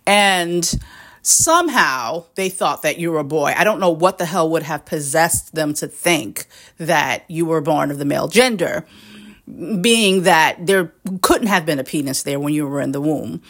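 A woman hosting an audio show, delivering a mocking, berating monologue straight at the listener, her voice swinging sharply up in pitch. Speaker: podcast host.

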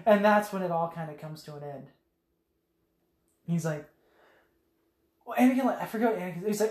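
Animated, swearing woman in an echoey room. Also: on the low side, brisk, long pauses. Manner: animated, swearing, breaks into quoted voices. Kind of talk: casual chat.

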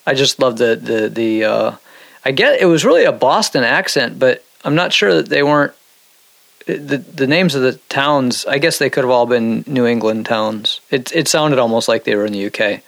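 Podcast co-host, man from Minnesota; gravelly, slightly high voice, animated and profane delivery, dry close mic. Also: moderate pace, no room sound. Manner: animated, profane, jumps pitch when excited. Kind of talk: casual chat.

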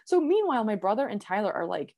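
A young woman telling a story in casual chat, animated and full of "like" fillers, laughing as she goes. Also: medium pitch, fast talker.

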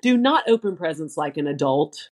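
Lively woman co-host listing tips. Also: low voice, moderate pace. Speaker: podcast co-host. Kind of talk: casual chat.

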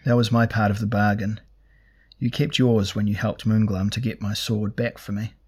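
A man's voice: lowish voice, normal speed, slightly rough. A man voicing a cold albino sorcerer lord who speaks coolly and without emotion. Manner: cool, flat, unemotional.

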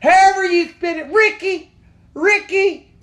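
Guy doing a shrill yelling southern mom, way up high, super loud. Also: fast talker, roomy sound. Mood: scolding. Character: shrill scolding southern mom at a juice counter.

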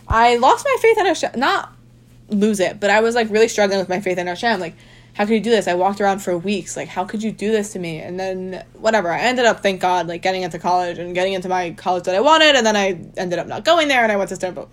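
A woman's voice: mid-range voice, expressive, fast talker. A young adult woman telling a personal story in a casual, chatty way. She fills her speech with "like" and speaks with emphasis. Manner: chatty, heavy use of "like", emphatic.

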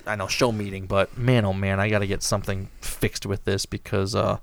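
A man hosting a podcast in casual chat, animated and rambling. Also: fairly low pitch, brisk, vocal fry, slight background noise. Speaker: podcast host.

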